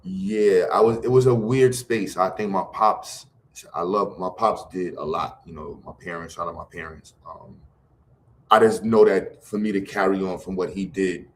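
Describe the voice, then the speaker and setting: Here a middle-aged educator from Brooklyn, New York, who runs a program, joins a livestream as a guest. He talks at a moderate pace in a low voice with fairly even intonation, loose and full of slang and restarts.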